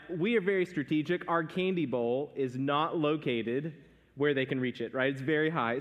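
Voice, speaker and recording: A male pastor in his thirties delivers a sermon from a church stage. His voice sits a bit higher than most men's, and he speaks in a conversational way, telling family stories with a laugh. The long reverb of the hall trails after each phrase. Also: a bit bright.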